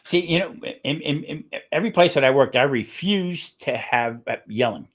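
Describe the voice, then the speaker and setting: A middle-aged man talks loosely over a video call, a chef who drifts through his stories. He breaks into laughter often. His voice sits at an ordinary pitch for a man. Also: expressive, normal speed, a bit bright, a little hiss or hum. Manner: rambling storyteller, laughs often. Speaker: guest chef. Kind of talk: casual chat on a video call.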